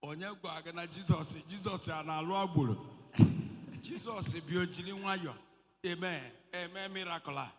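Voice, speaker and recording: A man's voice: sits high, fairly even intonation, moderate pace. A Nigerian man leading a healing service as a prophet, mixing English and Igbo, playful and commanding, breaking into song and laughter. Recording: hall reverb.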